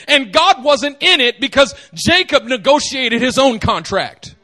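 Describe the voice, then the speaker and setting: Animated, joking male preacher with a high voice. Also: moderate pace, hardly any pauses. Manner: animated and joking, acting out quotes. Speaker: pastor. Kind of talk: sermon.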